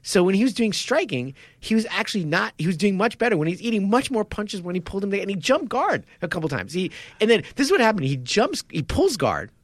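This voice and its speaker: A man on a podcast, chatting casually about martial arts fights, animated and quick to laugh as he acts out his own reactions. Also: high voice, no echo. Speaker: podcast co-host. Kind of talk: casual sports chat.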